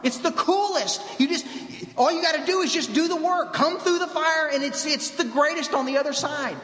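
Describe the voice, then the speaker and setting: A man acting out an elated man who has crossed a fire, shouting excitedly to his friends to follow. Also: very high voice, moderate pace, voice pushed up. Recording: echoey hall reverb.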